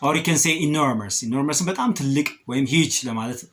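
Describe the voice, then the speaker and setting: A man teaching English vocabulary, repeating each example word slowly and then explaining it quickly. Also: medium pitch, fairly bright tone. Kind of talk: vocabulary lesson, switching between English and Amharic.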